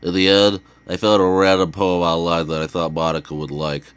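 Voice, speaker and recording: A man's voice: low voice, little pitch movement, fairly quick, smooth, no echo, natural voice. A man reading a teenage boy's inner narration from a game in an easygoing, plain voice. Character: ordinary teenage boy narrating his day.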